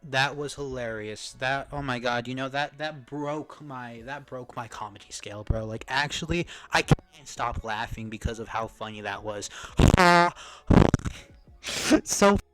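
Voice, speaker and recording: A man ranting in a reaction commentary, heated and profane, swinging from shouts to mutters. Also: medium pitch, a little slow, music in the background, low-quality recording. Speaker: commentary streamer.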